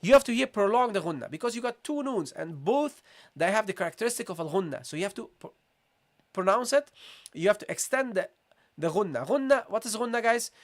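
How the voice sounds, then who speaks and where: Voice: mid-range voice, expressive. Patient teacher with a slight cold. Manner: patient, repeats sounds slowly, calls listeners "guys". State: has a slight cold, clears throat. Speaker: Quran recitation teacher. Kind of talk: tajweed lesson, live session.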